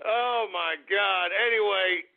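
A man hosting a talk radio show, brash and boastful, whooping and shouting with excitement. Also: high-pitched, slow, gravelly. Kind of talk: boisterous talk radio monologue. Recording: tinny phone-like radio audio.

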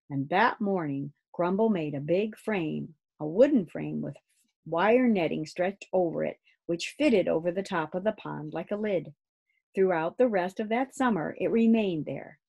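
Brief: woman storyteller, husky and a bit gravelly, reads kids' books with lively animation. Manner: lively, raising her voice high for shouts and bird cries. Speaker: storyteller reading a children's book aloud. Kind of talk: read-aloud storytelling.

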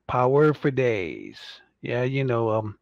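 A man hosting a casual toy-collecting livestream, rambling and joking, and mocking impatient fans in squeaky put-on voices. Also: sing-song, slow pace, vocal fry, dry recording, lo-fi sound. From United States.

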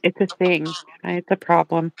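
A woman's voice: on the low side, level tone, moderate pace, vocal fry, highs cut off. A woman co-hosting a live paint-along stream, chatting casually in a giggly, self-deprecating, playful way.

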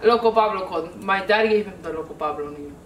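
A young woman co-hosting a casual group chat, telling animated stories and slipping into Spanish for quotes. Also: fairly low pitch, fast, muffled recording, background noise. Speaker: co-host. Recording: echoey room, mic at a distance.

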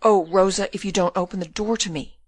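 A woman's voice: mid-range voice, moderate pace, no room sound, lightly acted. A woman doing a raging young prisoner. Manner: pleading and raging. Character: young male prisoner, desperate and furious.

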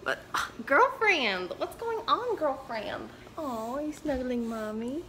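High, lively sing-song mother's voice. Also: slow, a little hiss or hum. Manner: sing-song baby talk to an infant. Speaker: mother and vlogger. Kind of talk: casual home vlog. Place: at home.

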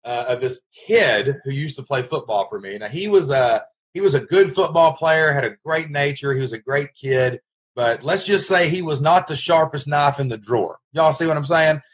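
A man's voice: on the high side, normal speed. A man with a Kentucky accent hosting a casual vlog, speaking in a folksy, emphatic way and often repeating his phrases. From Kentucky, United States. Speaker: host, online business coach.

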